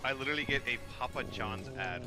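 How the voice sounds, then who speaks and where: A man playing a game on a stream with a friend, joking and excitable in casual banter. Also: medium pitch, fast, creaky, over music. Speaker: guest co-player. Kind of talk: casual gaming stream chat.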